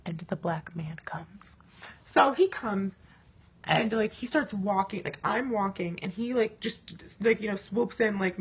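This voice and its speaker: A young woman rambles through a story for her camera, swearing freely and leaning on constant fillers. Her voice sits at a middling pitch. A faint hum runs under the recording. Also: fairly bright tone. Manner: rambling, profane, full of "like" fillers. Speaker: vlogger.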